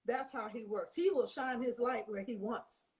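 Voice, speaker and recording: An older woman telling lively stories in a casual chat, acting out the people she quotes. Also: a little high, normal speed, a little hiss or hum. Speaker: guest.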